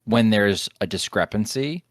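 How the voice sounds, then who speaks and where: A man's voice: on the low side, expressive, measured pace, no room sound, clean studio sound. A man co-hosting a podcast, making wry, joking asides in casual chat. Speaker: podcast co-host.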